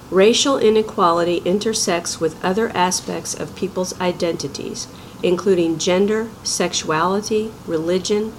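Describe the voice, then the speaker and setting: A woman's voice: on the low side, darkish tone, slight background noise, low-quality recording. Earnest woman reading a prepared statement. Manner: earnest, measured delivery. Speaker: nonprofit president.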